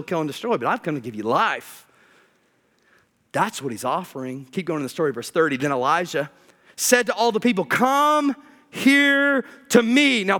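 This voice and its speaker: A man preaching a sermon, firing rhetorical questions and dropping to a near hush when reading scripture. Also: high-pitched. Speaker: pastor. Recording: long hall reverb.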